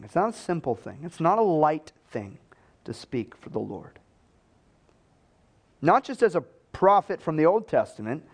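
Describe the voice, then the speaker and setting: A man's voice: a little high, darkish tone. A man preaching a sermon in a conversational storytelling way, acting out the voices he quotes.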